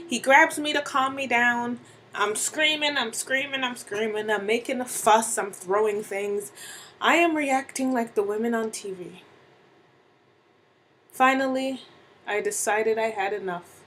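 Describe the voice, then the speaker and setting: A woman narrates a first-person story at an unhurried, measured pace. She pauses often, with faint background noise behind her voice. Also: a little high, a bit bright, poor audio. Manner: slow and deliberate, with dramatic pauses.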